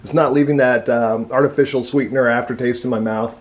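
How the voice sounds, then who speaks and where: Talking a little fast with fairly even intonation, a man at medium pitch reviews food casually. He keeps chewing and speaking with his mouth full.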